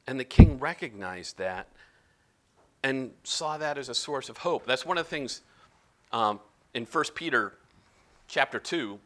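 A man giving a casual, animated Bible teaching, often slipping into quoted voices of the characters. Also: mid-range voice.

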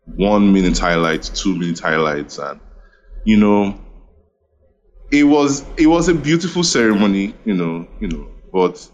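A man's voice: on the low side, lively intonation, unhurried, highs cut off. Impassioned man talking in an audio chat room. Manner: impassioned, apologetic, repeats himself. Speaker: room speaker. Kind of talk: emotional casual chat. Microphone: phone in an online audio room.

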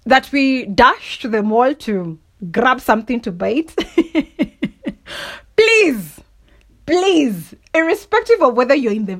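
A young adult woman hosting a solo podcast, giving emphatic, motivational talk and often laughing. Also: high-pitched. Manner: animated and emphatic, often asks "do you understand?", laughs often. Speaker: podcast host.

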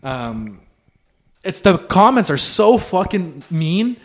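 Earnest, slightly higher-voiced podcast man. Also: very animated, slow. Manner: earnest, explains at length, swears casually. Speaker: podcast co-host. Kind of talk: casual chat.

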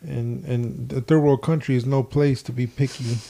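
A man's voice: mid-range voice, fairly even intonation, moderate pace, vocal fry, warm tone. A man hosting a casual chat, asking questions and teasing his guests. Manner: teasing, joking interviewer. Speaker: host.

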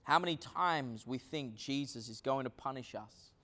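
A man preaching a sermon as pastor, with many fillers, swinging between hushed low lines and loud acted quotes. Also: normal speed.

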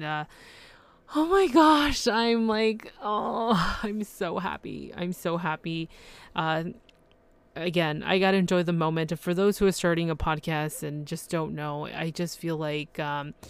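Solo podcast host, woman, effusive and overwhelmed, smooth but gravelly voice. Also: sits low, no echo. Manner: effusive, gushing, many fillers and restarts. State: emotional and overwhelmed.

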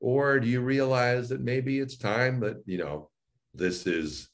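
Speaking at a measured pace with a medium-pitched voice, a male voice and speech coach describes his sessions in an interview. He animatedly performs both roles, his own and his client's.

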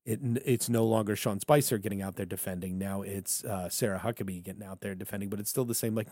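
A man co-hosting a podcast in casual political banter, animated and jokey, slipping into funny voices for quotes. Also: lowish voice, quick pace, hardly any pauses, dry recording, studio quality. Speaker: podcast co-host.

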